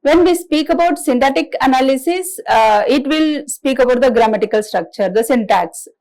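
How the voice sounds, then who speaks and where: A woman giving a recorded classroom lecture in a halting, explanatory way, with frequent restarts. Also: sits high, lively intonation, a little mellow, rough recording. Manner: halting explanatory delivery, many restarts and fillers.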